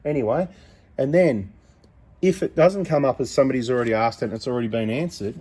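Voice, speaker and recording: A man's voice: mid-range voice, fast, mellow, slight background noise. A middle-aged man running a parts business, talking casually to camera in a blunt, rambling way. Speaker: mechanic and parts seller. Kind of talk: casual vlog talk to camera.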